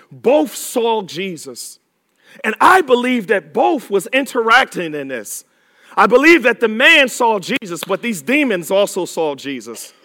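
A man preaching a sermon with emphatic repetition, drawing words out and rising to shouts. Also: very high voice.

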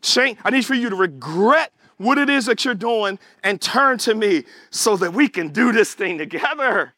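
A patient, loving God who speaks calmly and reassuringly, as a male preacher puts him on in a sermon. The voice is high and bright, and the sound is dry. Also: moderate pace, dry recording, heavily acted.

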